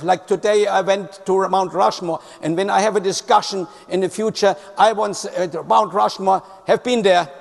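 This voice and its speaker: In a large hall with long reverb, a man with a high, gravelly voice tells a motivational story about customer service. His phrasing is non-native, and he repeats words for emphasis while keeping a steady tone, moderate pace, and few pauses.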